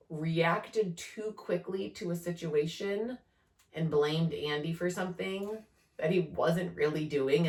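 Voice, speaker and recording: A woman co-hosting a podcast, chatting casually and telling family stories with animated acted-out quotes. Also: low voice, distant mic. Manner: animated storytelling, acts out kids' voices. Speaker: podcast co-host. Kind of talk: casual chat. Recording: roomy, off-mic sound.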